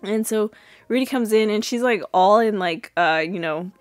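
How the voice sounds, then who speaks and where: A woman's voice: mid-range voice, normal speed, dry recording, faint music behind. Chatty young woman recapping a show. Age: 20s. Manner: chatty retelling, animated, lots of fillers. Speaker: podcast host. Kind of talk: casual episode recap.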